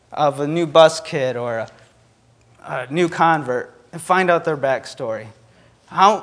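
Young male preacher, earnest conversational delivery, a touch high-pitched. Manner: earnest, conversational, frequent fillers. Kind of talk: sermon with a personal story.

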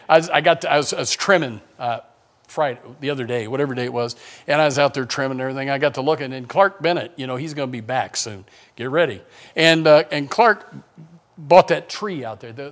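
A man preaching a conversational sermon as pastor, with repeated restarts and joking asides. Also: medium pitch.

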